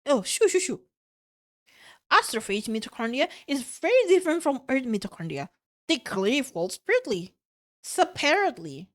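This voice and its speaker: A woman's voice: sits high, big pitch swings, normal speed, pitched above the performer's own voice. A woman voicing a condescending, dismissive female scientist while reading a novel aloud. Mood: scornful.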